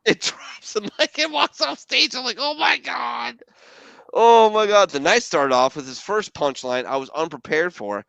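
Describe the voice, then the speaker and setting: A middle-aged man hosts a casual podcast and tells rowdy stories with lots of swearing and laughter. His pitch sits a little high and swings widely as he talks. The sound is dry and close. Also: moderate pace, creaky, hardly any pauses, no echo. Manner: animated storytelling with profanity and laughter. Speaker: podcast host. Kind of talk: casual chat.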